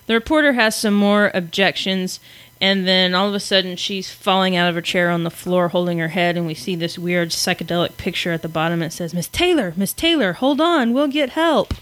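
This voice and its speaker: A woman's voice: fairly low pitch, steady tone, a little fast, few pauses, fairly bright tone, smooth, no echo. A woman casually recapping a comic story on a podcast, chatty and self-deprecating. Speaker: podcast co-host.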